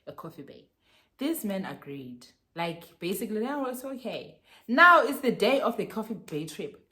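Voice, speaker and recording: A young woman telling a story to her viewers in a casual, animated way, switching between languages and often calling out to them. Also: mid-range voice. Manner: animated, code-switching, addresses viewers as guys.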